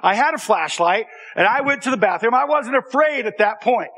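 A man telling a personal story to an audience in a lively, conversational way, often checking in with the listeners. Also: very high-pitched, moderate pace. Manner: animated, conversational, with repeated restarts and audience asides. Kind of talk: storytelling talk.

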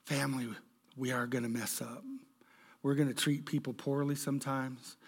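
A man's voice: medium pitch, level tone, moderate pace, slightly rough. A middle-aged male pastor preaching a sermon, emphatic, with stammering restarts and direct questions to the congregation.

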